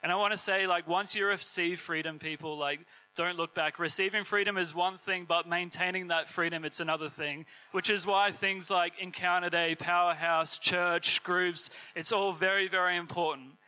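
Young male preacher, earnest and chatty, high and bright. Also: fairly even intonation, normal speed, low-quality recording. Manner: casual, earnest, filler-heavy preaching. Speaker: youth preacher. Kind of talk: sermon.

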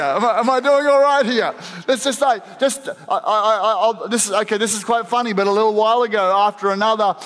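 A man's voice: high-pitched, a little fast, fairly bright tone. A pastor giving a sermon, earnest and emphatic, often restarting his sentences and dropping in playful asides. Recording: long hall reverb.

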